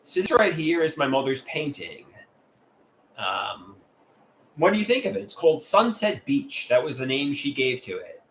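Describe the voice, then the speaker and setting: A man's voice: mid-range voice, big pitch swings, normal speed, a bit bright. A man doing a casual livestream, sharing artwork and reading viewer comments aloud in a candid, plain way.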